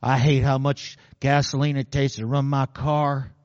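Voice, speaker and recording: A sour, whiny grumbler griping about everything, as a preacher puts him on. His voice drops to an ordinary middle pitch, well below the preacher's own. The sound is dry and a little dull. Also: flat delivery, a little slow, a little mellow, dry recording, long reverb tail, close to an everyday voice. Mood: grumbling.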